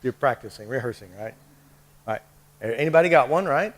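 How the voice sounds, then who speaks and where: A man's voice: medium pitch, lively intonation, brisk, a little hiss or hum. A man leading a live workshop, coaxing the group with short repeated prompts and checks. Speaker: workshop leader.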